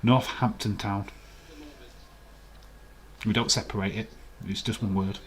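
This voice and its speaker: A man's voice: on the low side, steady tone, unhurried. A man from West Yorkshire with a Yorkshire accent, hosting a casual live watch-along and chatting playfully and argumentatively with his viewers. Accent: Yorkshire English. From West Yorkshire, England. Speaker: live stream host.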